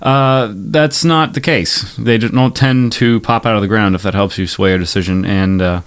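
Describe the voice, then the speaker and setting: A man's voice: on the low side, normal speed, clean tone, lightly acted. A man voicing a strange, formal adventurer who speaks in stilted, hesitant, overly polite phrasing. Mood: stiff polite. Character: odd formal creature adventurer, polite and wordy.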